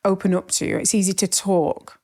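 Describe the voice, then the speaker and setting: A woman, a business owner chatting as a podcast guest, warm and quick to join the banter. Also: medium pitch, steady tone. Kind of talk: casual podcast chat.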